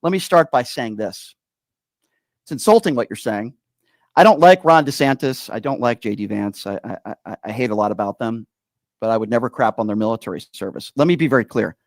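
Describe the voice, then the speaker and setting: A man's voice: medium pitch, fairly quick, creaky, dry recording. A man calling in to debate the host, combative and interrupting, who keeps hammering his points by saying the host's name again and again. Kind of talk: heated call-in debate.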